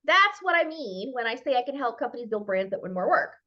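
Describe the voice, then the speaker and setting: A woman with a Minnesota accent speaks high and with a swooping, lively melody. She is a guest speaker on a video call who plays out short exchanges with a playful touch. The call audio sounds dull and muffled. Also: quick pace. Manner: lively, playful, acts out little dialogues. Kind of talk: animated presentation on a video call.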